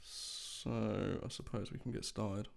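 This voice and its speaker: A man hosting a casual coding livestream, chatty and relaxed as he greets viewers. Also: fairly low pitch, slow pace, gravelly. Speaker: livestream host, developer.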